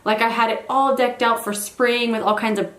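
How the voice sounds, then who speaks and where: A woman's voice: fairly high pitch, fairly even intonation, moderate pace, fairly bright tone, roomy sound. A young woman chatting casually as a beauty vlogger in her bedroom, rambling with self-deprecating asides. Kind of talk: casual get-ready-with-me chat. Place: bedroom at home.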